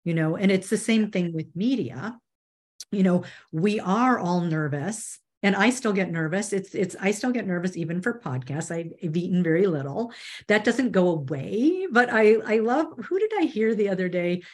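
A woman's voice: mid-range voice, animated, moderate pace, a little mellow. A woman media trainer speaking as an interview guest, earnest and conversational, often restarting her sentences. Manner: earnest, with frequent restarts and "you know".

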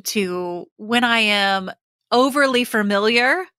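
Co-host lady, slow and kinda hesitant, bright voice, dry mic. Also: fairly high pitch, dry recording. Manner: unhurried, hesitant, self-deprecating. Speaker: podcast co-host and coach. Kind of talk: casual podcast chat.

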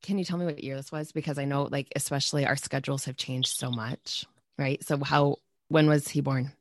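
A woman's voice: rumbling low, steady tone, fairly quick, a little hiss or hum. A woman hosting an interview, listening closely and asking probing follow-up questions. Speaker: interview host. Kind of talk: conversational interview.

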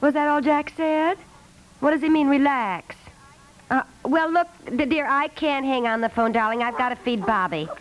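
A woman's voice: high-pitched, moderate pace, muffled recording, a little hiss or hum, natural voice. An actress playing a chatty, affectionate young wife and mother in a 1950s radio comedy.

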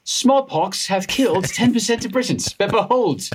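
A man's voice: high voice, animated, normal speed, background noise, pitched above the performer's own voice. A man putting on a posh Received Pronunciation accent to play a grandiose eighteenth-century doctor. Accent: Received Pronunciation, put on. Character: pompous male Enlightenment doctor and a sneering troll.

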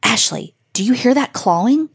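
A woman voicing a scared little girl, high and pleading. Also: expressive, moderate pace, slightly rough, heavily acted. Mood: frightened. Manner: pleading, frightened. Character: scared young girl camper, timid younger sister.

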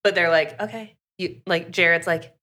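A woman's voice: fairly low pitch, steady tone, moderate pace, sharp tone. A woman co-hosting a podcast, chatting casually and acting out characters' lines with lots of "like". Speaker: podcast co-host recapping a book. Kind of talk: casual chat.

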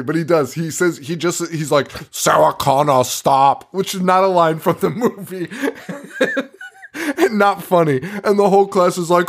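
A man co-hosting a casual horror movie podcast, laughing often and swearing freely as he recaps scenes. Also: high voice. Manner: laughing, profane, animated. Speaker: podcast co-host.

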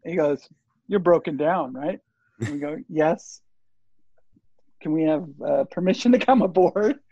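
An older man tells a rambling story as an interview guest, slipping into the voices of the people he quotes. His voice sits a little high, with a gravelly, breathy rasp. The sound is dry and dull, like a lo-fi recording. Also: measured pace, dry recording. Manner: rambling, animated, acts out quoted dialogue. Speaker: interview guest, surf filmmaker. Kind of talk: casual storytelling. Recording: dull lo-fi audio.

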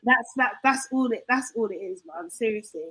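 A woman's voice: on the high side, animated, moderate pace, fairly bright tone, breathy edge, rough recording. A woman chatting casually, with informal slangy phrasing as she backs up the point. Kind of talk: casual chat.

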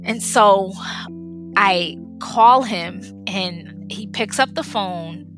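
Woman guest, emotional personal storyteller, unhurried, faint music underneath. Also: mid-range voice. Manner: emotional, animated retelling with quoted voices.

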